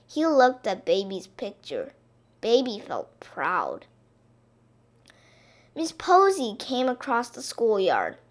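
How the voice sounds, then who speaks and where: A woman reads a children's picture book aloud, drawing out her words with expression. Her voice is slow, a little high, and rises and falls a lot. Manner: expressive, drawn-out reading. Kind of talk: storybook reading aloud.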